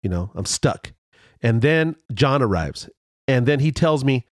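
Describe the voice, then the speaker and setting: Rambling, animated man telling a story. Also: a little slow, no room sound, clean studio sound. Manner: rambling with frequent restarts and fillers; animated, jumps higher when excited. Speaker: vlogger telling a road story. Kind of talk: casual storytelling.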